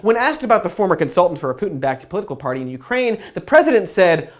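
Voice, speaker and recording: A woman's voice: fairly low pitch, very animated, quick pace, hardly any pauses. A woman hosting a comedic news commentary, sarcastic and profane, sounding exasperated with the news.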